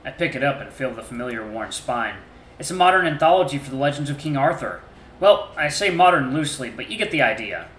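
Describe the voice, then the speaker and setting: Bright-voiced man narrating a story game. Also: medium pitch, animated, quick pace, a little hiss or hum. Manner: earnest, emotional reading with small restarts. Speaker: game streamer. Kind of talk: reading a visual novel aloud. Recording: roomy echo.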